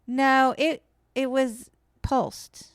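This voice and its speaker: A woman co-hosts a home podcast with a slightly high, smooth, clear voice. She chats animatedly and pads her sentences with fillers. The sound is dry and close. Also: very slow, no room sound. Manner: chatty, animated, lots of fillers. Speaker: podcast co-host. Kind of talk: casual chat. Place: home, indoors.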